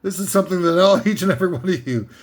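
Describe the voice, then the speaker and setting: An American man hosting a comedic top ten list, rambling and interrupting himself, now and then shouting out impressions. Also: sits high, expressive, racing.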